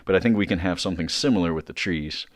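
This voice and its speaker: A man's voice: low voice, fast, no echo, studio quality. A man talking as a podcast guest in casual chat, rambling with many fillers and restarts.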